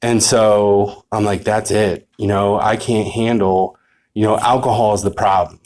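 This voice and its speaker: A middle-aged man with a low voice shares his story at a recovery meeting. He rambles in a loose, candid way, laughs at himself, and keeps asking whether you know what he means. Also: level tone, unhurried, a little mellow. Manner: candid, self-mocking with laughs. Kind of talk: personal recovery testimony.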